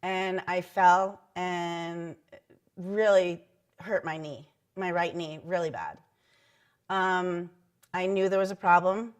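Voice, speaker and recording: A woman's voice: on the low side, steady tone, slow, smooth. A middle-aged woman, a former team mascot, recounting mishaps in a chatty oral history interview with frequent ums and likes. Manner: chatty anecdotal telling with many ums and likes.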